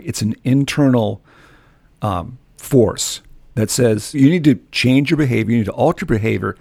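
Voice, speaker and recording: Man, podcast host, reflective, husky tone, dry close sound. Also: mid-range voice, a little mellow, no echo. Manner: thoughtful, musing. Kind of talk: reflective interview comment.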